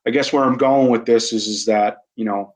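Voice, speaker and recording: A man, an army veteran guest on a podcast, speaking candidly and haltingly, often restarting his sentences. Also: mid-range voice, fairly even intonation. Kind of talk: candid interview conversation.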